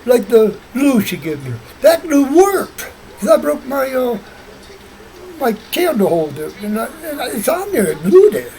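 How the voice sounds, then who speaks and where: Rambling man with a high, lively voice. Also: unhurried, poor audio. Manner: rambling, repeats himself, restarts often. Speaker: vlogger. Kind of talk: rambling casual monologue.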